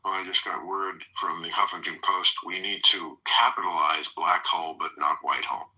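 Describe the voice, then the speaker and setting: A man hosting a podcast in casual conversation, halting and full of restarts. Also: sits low, fairly even intonation, bright, forceful tone, rough recording. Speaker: podcast host. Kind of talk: casual chat.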